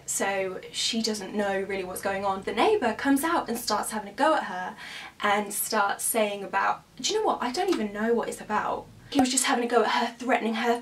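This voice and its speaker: A woman's voice: medium pitch, fairly bright tone, recorded from a distance. A young woman, a student telling an agitated, emphatic story in a storytime vlog. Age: young adult. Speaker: student vlogger.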